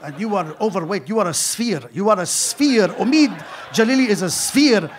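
A man's voice: high-pitched, expressive, moderate pace, some chatter behind, slight background noise. A man impersonating a vain, humorless older film star who speaks haughtily about himself in the third person. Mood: haughty.

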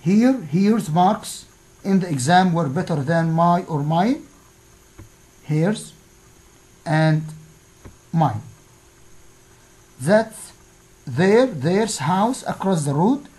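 A woman teaching an English lesson, reading out exercise answers one by one with pauses. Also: lowish voice, animated, dark tone, poor audio. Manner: slow, deliberate, pausing after each answer.

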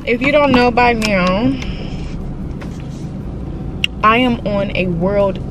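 A woman's voice: a little high, unhurried. A woman in her twenties chatting casually to her phone camera from a car, blunt, profane and playfully trash-talking. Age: 20s. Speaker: vlogger. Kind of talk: casual vlog chat. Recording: clear car and road noise.

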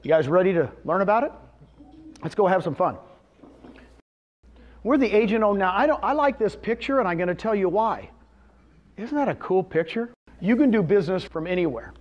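A real estate presenter in his fifties speaks in a high-pitched, expressive voice at a moderate pace with long pauses. He tells a live audience a personal story and asks them questions, in a dull lo-fi recording.

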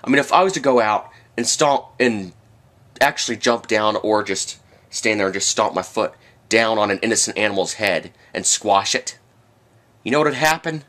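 A man's voice: lowish voice, animated, moderate pace, a bit bright. A man delivering a rambling, sarcastic rant to camera, with sudden outbursts. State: has the hiccups. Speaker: vlogger. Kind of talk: ranting monologue.

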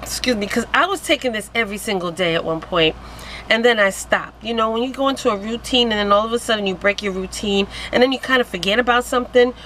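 A woman vlogging to camera in an excited, giddy way, exclaiming and laughing. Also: on the high side, fast talker, slight background noise, rough recording. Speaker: vlogger selling wellness products. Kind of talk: excited casual vlog to camera.

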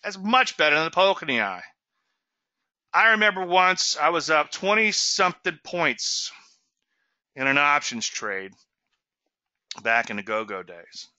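Emphatic, lively man hosting a trading webinar. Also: a little high, unhurried, pauses often, dry recording, lo-fi sound. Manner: emphatic, folksy, repeats "okay?" and "so what?". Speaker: trading show host. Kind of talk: webinar teaching on charts.

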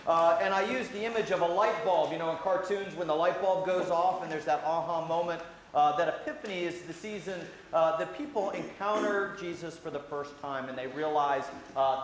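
A man, a priest, giving a gentle, conversational children's sermon with many "uh" fillers in a church sanctuary. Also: a little high, brisk, few pauses. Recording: very echoey church hall, faint hiss.

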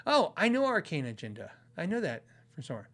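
A man's voice: fairly high pitch, wildly swooping pitch, fast, a bit bright. A man hosting a podcast, telling stories in a rambling, casual way and chuckling often. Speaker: podcast host.

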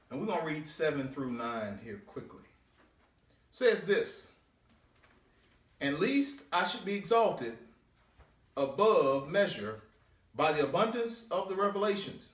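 A man, a deacon, preaching a sermon with drawn-out scripture readings and swooping pitch. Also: animated, fairly bright tone. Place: church sanctuary. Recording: echoey church room, mic at a distance.

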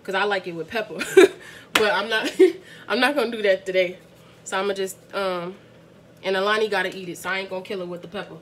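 A woman's voice: medium pitch, fairly even intonation, a little fast, fairly bright tone, a little hiss or hum. A young woman from the Bronx, chatting casually to viewers as she cooks dinner in her home kitchen, laughing often. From the Bronx, New York. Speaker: family vlogger cooking dinner. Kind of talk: casual cooking vlog chat.

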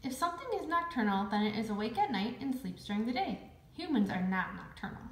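A woman's voice: a little high, sing-song, fairly quick, far from the mic. A woman reading the part of a smart, eager young schoolboy in a storybook, explaining carefully. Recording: roomy echo.

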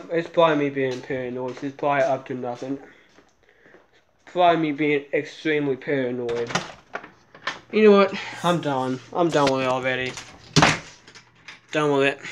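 Jittery swearing young man vlogging. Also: mid-range voice. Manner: jittery, swears often, mutters to himself; soft baby talk to his cat. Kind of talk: casual handheld vlog narration.

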